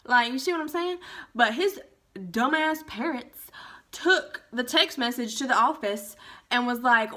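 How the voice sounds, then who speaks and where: Bright-voiced young woman telling a story. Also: a little high, normal speed. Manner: profane, animated storytelling with quoted voices. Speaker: vlogger. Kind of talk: casual storytime.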